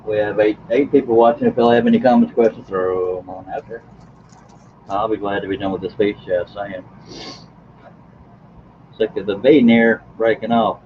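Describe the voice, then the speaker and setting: A man's voice: fairly low pitch, fairly even intonation, moderate pace, long pauses. A man hosting a casual live stream, chatting to viewers in a folksy, joking way. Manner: folksy, joking, chuckles often. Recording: slightly dull, faint background noise.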